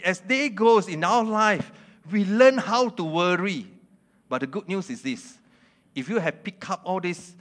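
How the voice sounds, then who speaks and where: A male preacher giving a lively sermon. He keeps asking the audience questions, laughs often and speaks in simple, broken grammar. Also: on the high side.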